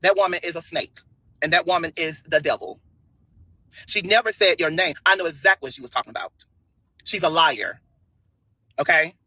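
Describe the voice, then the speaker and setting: High bright sassy man on a livestream. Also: moderate pace, long pauses, no room sound, low-quality recording. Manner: sassy, scolding, repetitive. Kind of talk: livestream rant.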